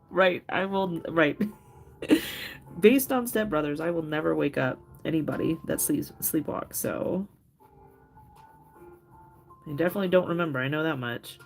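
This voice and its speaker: A woman's voice: low voice, unhurried, long pauses. A middle-aged woman hosting a craft livestream, chatting casually with viewers, laughing often and telling loose stories full of fillers. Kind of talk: casual chat with live viewers. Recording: faint music behind.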